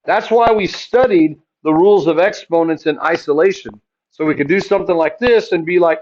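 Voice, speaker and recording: A man's voice: fairly high pitch, normal speed, a little mellow, dull audio. A man teaching a math class, chatty and joking, asking his students questions and answering them himself.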